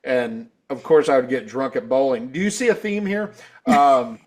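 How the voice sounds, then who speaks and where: A man co-hosting a podcast, telling rambling, profane stories in casual chat and acting out quotes loudly. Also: medium pitch, normal speed. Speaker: podcast co-host.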